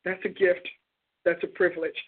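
A woman with a husky, slightly breathy voice leads a fervent prayer and then hosts the callers. She speaks in flowing, repeated phrases. The sound is thin and tinny, like a phone line. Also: fairly low pitch, level tone, moderate pace. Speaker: radio show host and prophet. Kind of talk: fervent spoken prayer and call-in hosting.

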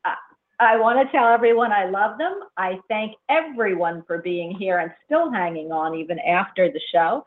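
An effusive woman hosts a casual call-in chat, exclaiming and laughing freely. Her voice sits at a middle pitch. It comes through a thin, tinny phone line. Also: animated, moderate pace. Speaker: radio show host.

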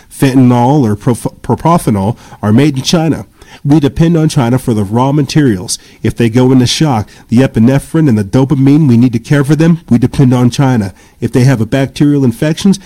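A man's voice: mid-range voice, mellow. A man hosting a podcast, reading an article aloud and ranting agitatedly, stumbling over repeated words and breaking off to apologize. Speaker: podcast host. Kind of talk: heated commentary reading an article.

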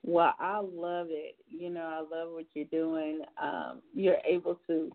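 A woman's voice: sits low, flat delivery, measured pace. Chatty woman host on a tinny line. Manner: chatty, leans on "you know" fillers. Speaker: talk show host. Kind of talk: casual chat with a guest and callers.

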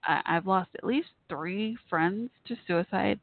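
A woman hosting a call-in talk show, speaking haltingly through tears with many fillers and restarts. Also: mid-range voice, creaky, no echo. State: near tears. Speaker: host. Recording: tinny phone-line audio.

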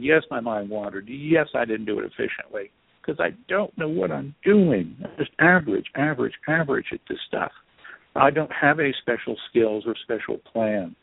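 A man, an author guest in an interview, telling a story in an animated, self-deprecating way over a phone line. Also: medium pitch, gravelly, breathy edge, no room sound. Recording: tinny dry phone line.

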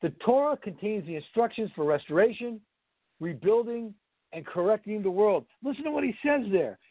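A man's voice: high voice, expressive, moderate pace, dry recording. A man giving a Bible study lecture as instructor, emphatic, blunt and preachy. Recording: tinny phone-like, dry sound.

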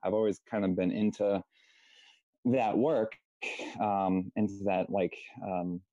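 A man's voice: fairly low pitch, steady tone, takes it slowly, warm tone, no echo. A man from Massachusetts telling his personal story as a guest on a video call, hesitant and full of ums. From Massachusetts, United States. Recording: muffled video-call audio.

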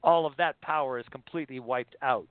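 Guy hosting a call-in show, smooth clear voice, short friendly replies, tinny phone-line sound. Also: mid-range voice, brisk, dry recording. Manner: brief, friendly acknowledgements. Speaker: host.

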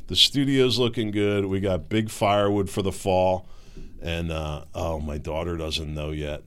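A man's voice: low voice, steady tone, unhurried, clear, resonant tone. A middle-aged man hosting a show, talking in a rambling, folksy way and often stumbling over repeated words. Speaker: podcast host. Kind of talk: casual monologue.

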